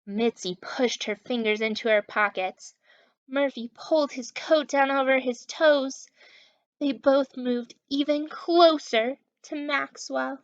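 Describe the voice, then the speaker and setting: A woman reading a children's story aloud slowly and expressively for young listeners, on a dull lo-fi home recording. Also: high-pitched, smooth.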